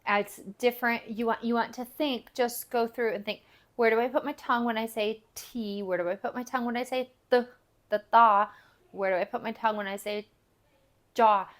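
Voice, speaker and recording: A woman giving a recorded phonics lesson, patiently explaining step by step and repeating example words for learners. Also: medium pitch. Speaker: language teacher.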